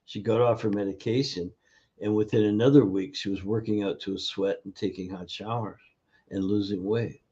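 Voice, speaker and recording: A man with a lowish, steady voice that's dark and husky is a guest on a casual video interview, speaking as a functional nutrition educator. He tells stories haltingly, full of fillers, and acts out the voices of the people in them. The recording has a dull, lo-fi sound.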